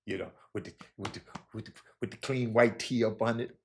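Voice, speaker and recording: Laid-back man hyping gear, lower voice. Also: a little fast, a little hiss or hum. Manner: loose, laughing, repeats words while hyping merchandise. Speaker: show host. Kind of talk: casual chat with viewers.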